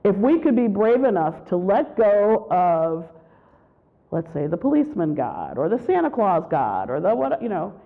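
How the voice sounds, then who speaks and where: Animated woman giving a gravelly retreat talk. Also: medium pitch, moderate pace. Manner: animated storytelling, acts out quotes. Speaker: retreat speaker. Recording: tinny phone-like sound.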